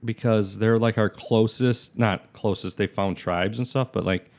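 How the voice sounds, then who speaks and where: A man's voice: on the low side, steady tone, unhurried, creaky, darkish tone. A man in his thirties co-hosting a podcast in casual chat, chatty and skeptical, with lots of fillers. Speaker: podcast co-host.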